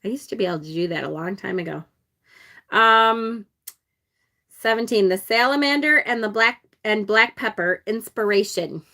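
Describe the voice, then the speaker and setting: A woman with an upstate New York accent talks in a bright, clear voice while she unboxes a card deck on a live stream. She chats easily with her viewers and laughs often. Her pitch sits at an ordinary middle level. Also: moderate pace. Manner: chatty, reads viewer comments aloud, laughs often. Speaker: tarot channel host.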